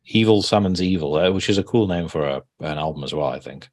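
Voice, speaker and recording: Podcast host, male, low voice, dry close sound, casual and animated. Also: fast, no room sound. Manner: animated, swearing, laughing, many restarts. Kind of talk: casual music review chat.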